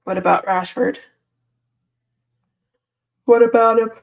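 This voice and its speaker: A woman's voice: a little high, steady tone, slow, vocal fry, lo-fi sound. A woman hosting a casual live stream, reading viewer comments aloud and answering them with frequent laughs, sleepy and yawning. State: sleepy, yawning early in the morning. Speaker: football channel host reading live chat.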